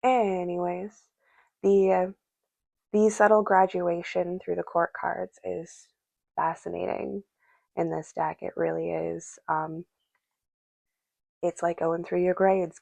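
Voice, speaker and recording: A woman's voice: fairly low pitch, little pitch movement, slow, creaky, pauses often, warm tone, no room sound, highs cut off. A woman giving a casual spoken tarot reading, musing aloud and speaking directly to the spirits and to her viewers. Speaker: tarot reader.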